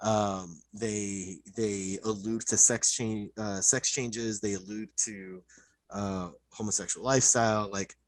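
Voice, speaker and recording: A man co-hosting a podcast, excitedly retelling cartoon episodes in casual chat, full of fillers and swearing. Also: on the low side, slow pace, no room sound, low-quality recording. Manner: excited, profane storytelling, many "like" fillers. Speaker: podcast co-host.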